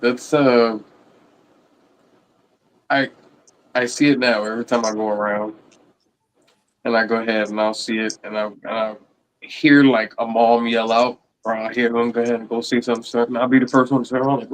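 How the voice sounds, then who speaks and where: A man's voice: medium pitch, flat delivery, brisk, low-quality recording. Laid-back slangy man chatting. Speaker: live stream panel co-host. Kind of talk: casual chat.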